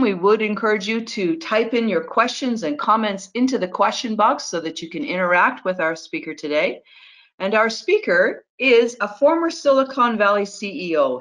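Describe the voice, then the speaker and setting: A woman's voice: mid-range voice, fairly bright tone. A woman moderating a webinar over a video call, chatty and friendly, with fillers as she introduces the speaker.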